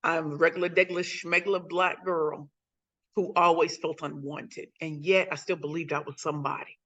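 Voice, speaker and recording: A woman's voice: deep voice, fairly even intonation, normal speed, pushed and bright, dull audio. A woman in her forties, from St. Louis, telling her life story as a guest speaker on a video call, emphatic and repeating phrases for effect. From St. Louis, USA. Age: 40s. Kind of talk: motivational personal story.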